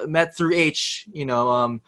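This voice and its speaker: A young man, a radio DJ telling stories in casual chat, animated and laughing often. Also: a little high, a little slow. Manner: animated storyteller, laughs often, mimics voices. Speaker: radio DJ and podcast guest.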